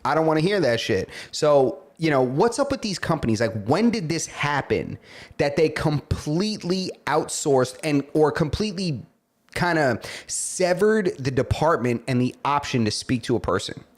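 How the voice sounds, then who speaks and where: On a podcast he co-hosts, a man with a voice on the high side speaks at a moderate pace. He relays a story in relaxed chat, bringing it to life by acting out the people and their quoted words.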